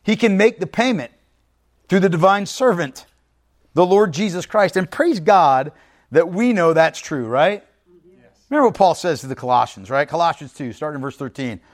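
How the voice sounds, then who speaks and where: A man with a somewhat high-pitched voice delivers a sermon. He preaches emphatically but conversationally, frequently pausing to check in with his listeners. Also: animated. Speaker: pastor.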